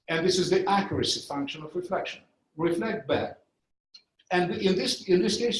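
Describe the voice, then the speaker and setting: Guy teaching a workshop, kinda high voice, roomy echo, explains step by step. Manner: explanatory, illustrates with live demos. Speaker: trainer. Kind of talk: training lecture. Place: conference room. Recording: echoey training room.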